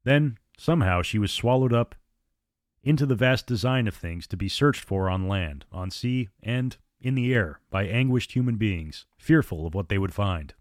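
A man narrates a suspense audiobook with a measured, dramatic delivery. His voice sits on the low side and is recorded close and dry, with no room sound. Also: no room sound.

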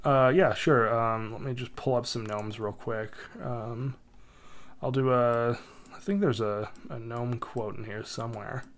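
A man's voice: mid-range voice, fairly even intonation. Giggly man reading aloud. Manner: reads haltingly, stumbles and giggles mid-sentence. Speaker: podcast co-host. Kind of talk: casual comedy chat, reading excerpts aloud.

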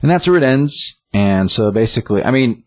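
A man's voice: mid-range voice, animated, moderate pace, no room sound. A man casually retelling a story, rambling with lots of "like" and restarts.

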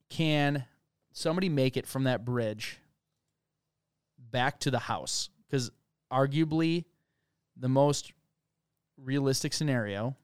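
Smooth-voiced man on a dry close mic. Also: medium pitch, no echo. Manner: conversational, reads from case documents, thinks aloud. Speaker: podcast co-host. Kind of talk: casual true-crime discussion.

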